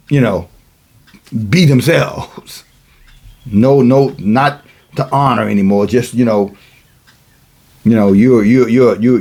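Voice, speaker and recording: A man's voice: mid-range voice, a little mellow. A man preaching a sermon, mixing casual asides and chuckles with emphatic, rising passages.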